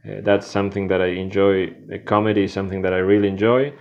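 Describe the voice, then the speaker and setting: A man, a radio host talking about himself in a casual vlog, halting and restarting as he searches for words. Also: low voice, little pitch movement, darkish tone, dull audio. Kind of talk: casual self-introduction vlog.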